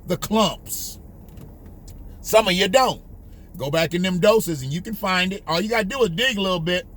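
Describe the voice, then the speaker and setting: A man's voice: high voice, animated, moderate pace, a bit bright. A male host ranting in heated, profane, emphatic political commentary, repeating his points.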